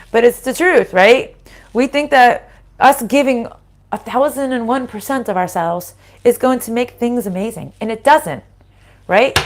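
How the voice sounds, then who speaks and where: A woman giving a casual spiritual card reading to her viewers, chatty and reassuring, often checking in with "right?" and "okay?". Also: fairly high pitch.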